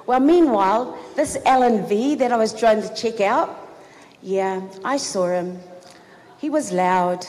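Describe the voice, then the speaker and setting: Excited woman telling a story in a reverberant hall. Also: on the high side, measured pace. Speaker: eulogy speaker. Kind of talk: personal story at a funeral. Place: funeral service hall. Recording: reverberant hall, faint background noise.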